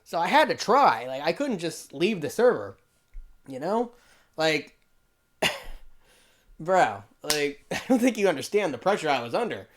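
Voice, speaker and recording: A man's voice: fairly high pitch, sing-song, a little slow, long pauses. A young man giving casual reaction commentary, defensive, laughing often and saying "bro" a lot. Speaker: YouTuber reacting to a video.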